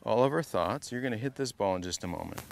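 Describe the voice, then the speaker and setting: A man's voice: lowish voice, animated, fast talker, vocal fry, slight background noise. A man coaching a student through a golf lesson, playful and teasing, repeating short drill cues over and over. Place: golf academy practice area.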